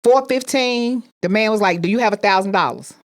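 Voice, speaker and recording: A woman with a medium-pitched voice speaks briskly as she tells a personal story. She is emphatic, repeating phrases and acting out the voices of the people she quotes.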